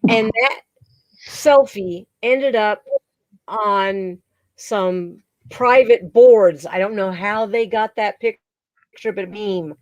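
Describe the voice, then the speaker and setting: Middle-aged woman, livestream host, loose bawdy storyteller, mid-pitched, dry close sound. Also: slow pace, a little mellow, no echo, muffled recording. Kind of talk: casual joke-telling chat.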